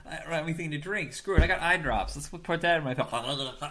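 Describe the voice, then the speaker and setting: A man's voice: on the high side, brisk, bright, forceful tone, slight background noise. A man co-hosting a podcast, joking and swearing in casual chat while his voice is giving out. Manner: goofy, jokey, swears a lot. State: losing his voice. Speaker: podcast co-host.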